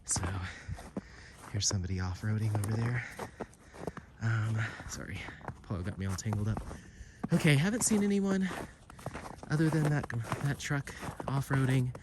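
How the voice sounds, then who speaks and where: A man's voice: medium pitch, normal speed, long pauses. A man chatting casually and rambling with lots of fillers while walking a mountain trail for his vlog. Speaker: vlogger. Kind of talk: casual walk-and-talk vlog. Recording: heavy outdoor background noise. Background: loud outdoor noise.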